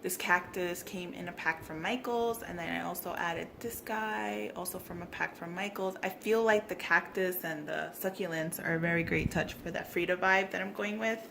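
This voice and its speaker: A woman vlogging a casual craft tutorial, gushing and bubbly, at times dropping to soft whispers. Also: on the low side, normal speed, gravelly, few pauses, a little hiss or hum.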